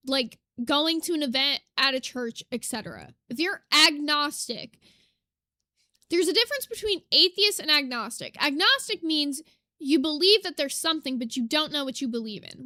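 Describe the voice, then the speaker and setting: A woman's voice: sits high, sharp tone, no room sound, studio quality. A woman giving blunt, profane reaction commentary on a video, ranting at what she hears. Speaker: reaction streamer.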